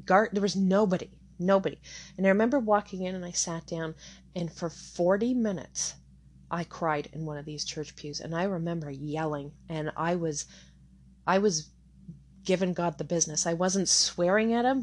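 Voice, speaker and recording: Middle-aged woman, lower voice, candid personal testimony, halting with fillers. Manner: emotional, candid storytelling with many fillers.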